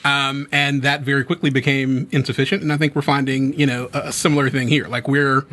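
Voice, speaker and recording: A man's voice: mid-range voice, little pitch movement, brisk, a bit bright. A man who co-owns a bakery, chatting as a podcast guest in a joking, wry way. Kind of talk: casual chat.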